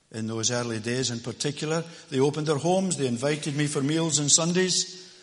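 A man with a Scottish accent, from Lanarkshire, preaching a sermon as a visiting preacher, emphatic and swinging between loud declarations and hushed asides. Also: a little high, long reverb tail. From Lanarkshire, Scotland. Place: church.

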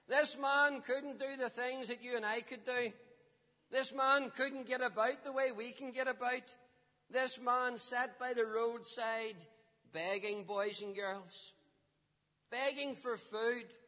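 High, bright preacher to children. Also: male voice. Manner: asks the children questions. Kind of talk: children's gospel talk. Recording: dull lo-fi sound with long hall reverb.

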